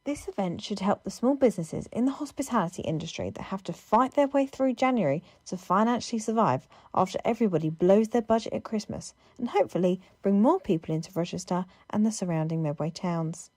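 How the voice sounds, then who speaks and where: A woman reporter, reading a lively, upbeat news voice-over. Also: mid-range voice, fairly quick, few pauses, no echo.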